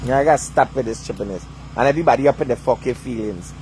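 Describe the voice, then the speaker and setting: A man's voice: medium pitch, rapid-fire, darkish tone, slight background noise. A man delivering a heated, profane rant, swearing constantly and asking "you understand?" over and over. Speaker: vlogger.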